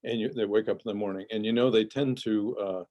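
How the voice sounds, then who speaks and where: An older man, a parenting expert, giving measured advice in an interview with frequent restarts and fillers. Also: fairly low pitch, steady tone, muffled recording.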